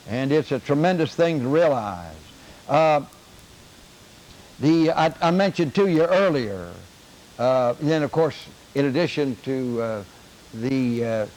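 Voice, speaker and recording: A man's voice: on the high side, darkish tone, poor audio. An older man teaching a Bible class in an earnest lecture, often repeating key phrases for emphasis.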